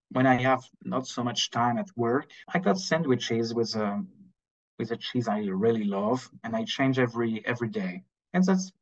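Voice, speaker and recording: A French man speaking careful, halting English as a podcast guest in casual chat. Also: on the low side, breathy edge, lo-fi sound. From France.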